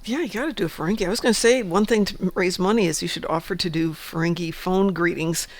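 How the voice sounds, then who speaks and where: A woman co-hosting a gaming livestream in casual chat, reacting in an animated, exclaiming way. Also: lowish voice, fast, no room sound.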